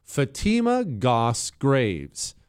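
A man's voice: mid-range voice, wildly swooping pitch, extremely slow, clean tone, no room sound, clean studio sound. A man hosting his own talk show, talking in a sarcastic, combative, mocking way. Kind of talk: opinionated radio talk.

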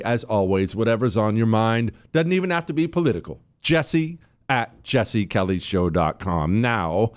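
A man's voice: mid-range voice, clear, resonant tone. A middle-aged man hosting a talk radio show, delivering an opinionated monologue with emphatic swings while fighting the hiccups. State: has the hiccups.

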